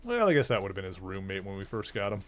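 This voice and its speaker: A man's voice: low voice, big pitch swings, fast, a bit bright, slight background noise. A man streaming a video game, chatting casually and playfully to his viewers and his cat. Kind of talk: casual gameplay commentary.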